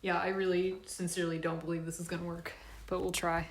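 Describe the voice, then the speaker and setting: A woman's voice: lowish voice, level tone, fast, roomy sound, a little hiss or hum. A woman chatting casually on a live stream from a laundry room, a bit congested and sniffly, nervous and self-deprecating.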